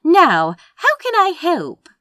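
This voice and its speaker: A woman reading a story aloud and voicing a cheerful, fussing middle-aged landlady who talks loudly and excitedly in a high voice. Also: a little slow, husky, no room sound, clean studio sound, full character voice.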